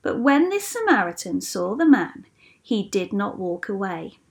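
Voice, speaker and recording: A woman teacher reading a Bible story aloud in a clear, expressive storytelling voice. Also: medium pitch, a little slow. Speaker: school teacher.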